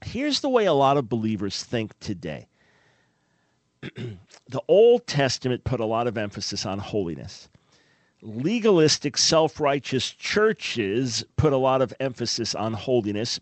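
A man's voice: on the high side, sing-song, moderate pace, no room sound. A man hosting a radio talk show, teaching the Bible emphatically and asking listeners rhetorical questions.

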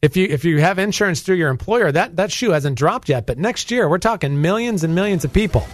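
A man's voice: sits high, lively intonation, fairly quick. A man, hosting Christian talk radio in a fired-up, preachy and emphatic way. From North Carolina. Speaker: guest radio host. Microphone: studio microphone.

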